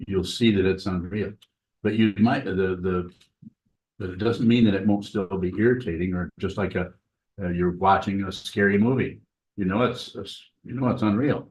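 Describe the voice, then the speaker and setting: A man's voice: lowish voice, fairly even intonation, normal speed, darkish tone. A man teaching as a Zen teacher, giving a dharma talk and answering questions in a plain, repetitive, conversational way.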